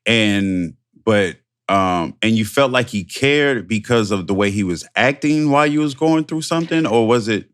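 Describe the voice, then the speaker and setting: A man with a lowish voice co-hosting a podcast. He speaks in a reflective, hesitant way, with pauses and fillers. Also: lively intonation, smooth. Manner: supportive listener, reflective and hesitant. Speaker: podcast co-host. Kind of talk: candid personal talk.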